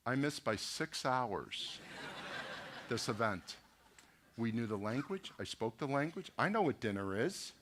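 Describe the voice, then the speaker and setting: Storytelling pastor, middle-aged man. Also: mid-range voice. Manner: storytelling, animated anecdotes with quoted dialogue; addresses audience directly, rhetorical questions. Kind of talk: talk at a business luncheon.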